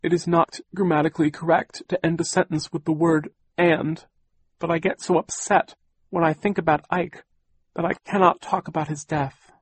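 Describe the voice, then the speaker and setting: A man's voice: fairly low pitch, a little slow, darkish tone, husky, no echo. A man voicing a fussy, anxious older widowed aunt who gets teary and speaks very properly, in an audiobook reading. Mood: tearful.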